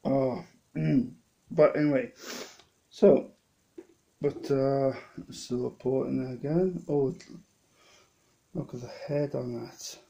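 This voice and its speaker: A man's voice: medium pitch, fairly even intonation, gravelly, warm tone, dull audio. A man with a Welsh accent, a bit drunk, rambling and restarting his sentences as he tastes a beer in a casual vlog. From Wales. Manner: rambling, halting, with many restarts. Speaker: lay preacher vlogger.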